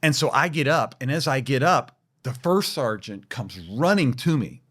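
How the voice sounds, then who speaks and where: Man on a podcast telling a war story, voice jumps all over, lively. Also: medium pitch, moderate pace. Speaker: podcast co-host. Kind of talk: storytelling in casual chat.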